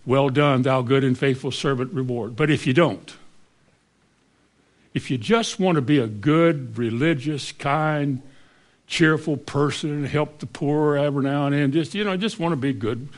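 A man delivering a sermon in a somewhat high voice. He pushes his congregation with rhetorical questions, jumping up into high exclamations and then dropping to soft, low asides. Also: unhurried. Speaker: preacher.

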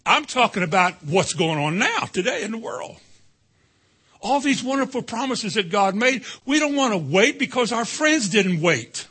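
A man's voice: high voice, very animated, moderate pace, sharp tone, slightly rough. A man preaching a sermon, emphatic and calling out to the congregation for responses.

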